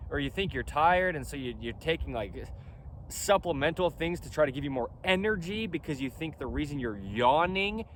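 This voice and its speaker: A company founder talking outdoors in a casual vlog, speaking emphatically and insistently while repeating his points. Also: fairly high pitch. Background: faint wind and traffic noise.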